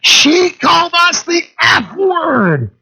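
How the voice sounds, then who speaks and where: Shrill whiny teenage girls, as a man puts them on. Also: very animated, slow pace, gravelly, sharp tone, a little hiss or hum, exaggerated voice. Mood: shrieking. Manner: shrill and indignant. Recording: dull lo-fi radio broadcast.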